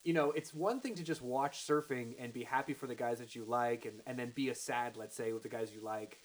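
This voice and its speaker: Animated man chatting, faint hiss. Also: mid-range voice, poor audio. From Canada. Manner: animated, emphatic, quick to argue. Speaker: podcast co-host. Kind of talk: casual chat.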